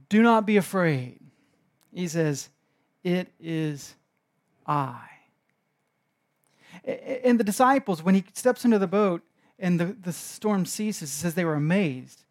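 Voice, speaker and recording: A man preaching a sermon in an animated way, moving between hushed and emphatic delivery. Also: fairly high pitch. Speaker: pastor.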